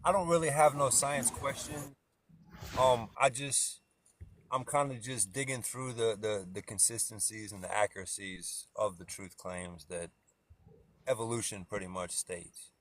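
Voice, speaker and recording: A man's voice: mid-range voice, unhurried, slight background noise. A man calling into a casual live stream debate, hesitant and informal, often repeating himself.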